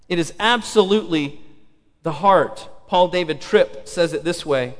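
A man's voice: a little high, measured pace, fairly bright tone. A male pastor preaching a sermon, emphatic, repeating key phrases and asking the congregation rhetorical questions. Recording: long hall reverb.

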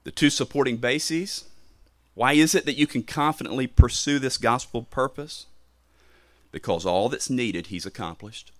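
A man preaching a sermon, emphatic, with swells in pitch and volume on key phrases. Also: normal speed, fairly bright tone, no room sound.

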